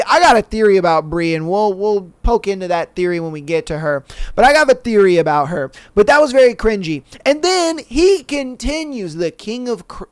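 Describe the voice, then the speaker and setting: A man's voice: high voice, clean tone, no echo. A man hosting a podcast, giving a casual, profane, slang-heavy recap and mimicking the people he talks about. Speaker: podcast host.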